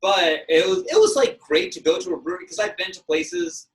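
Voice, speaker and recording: A man's voice: sits high, expressive, brisk, echoey room, far from the mic, rough recording. A man hosting a podcast, chatting loosely and casually with some swearing and laughter, over a video call. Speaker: podcast host.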